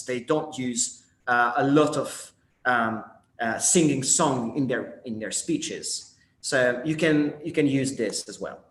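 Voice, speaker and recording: A man's voice: medium pitch, takes it slowly, fairly bright tone. A man co-teaching a workshop, explaining in a conversational way with fillers. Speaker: workshop instructor. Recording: echoey room.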